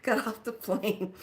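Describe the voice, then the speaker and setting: A woman from California, a spiritual consultant and author, chatting casually and rambling through stories with frequent laughs. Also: lowish voice. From California, United States. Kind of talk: casual livestream chat.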